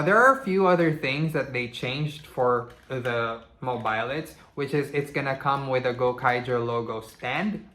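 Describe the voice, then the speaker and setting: Bright-voiced man, chatty toy reviewer. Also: medium pitch. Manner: chatty, relaxed, many "you know" asides. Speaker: toy reviewer, channel host. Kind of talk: casual toy review vlog. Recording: echoey room.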